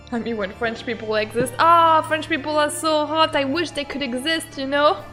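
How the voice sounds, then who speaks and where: A young woman casually commenting while playing a game, giggly, excitable and rambling. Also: high voice, measured pace, soft background music. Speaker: game streamer. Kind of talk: casual let's-play commentary.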